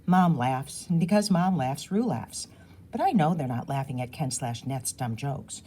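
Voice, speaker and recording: Woman, audiobook reader, expressive, mellow tone, animated intonation. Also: very deep voice, unhurried, a little hiss or hum. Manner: lively, expressive storytelling. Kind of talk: reading a children's novel aloud.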